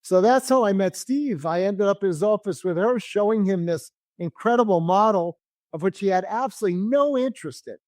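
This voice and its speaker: A man's voice: sits high, lively intonation, fairly quick, a little mellow, no room sound. Male guest spinning an anecdote, slipping into others' voices; dry studio sound. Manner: acts out quoted voices while telling a story. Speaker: interview guest. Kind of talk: animated storytelling in an interview.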